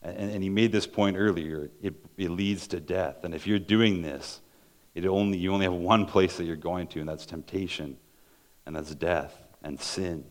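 A male preacher delivers a sermon in a very low voice. He talks earnestly, reads verses aloud and often doubles back on his words as he explains them. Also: fairly even intonation, moderate pace.

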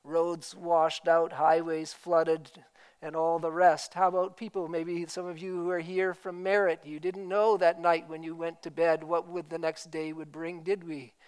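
A man's voice: a little high, level tone, unhurried, darkish tone, clean tone, poor audio. A man preaching a sermon as pastor, emphatic and full of rhetorical questions.

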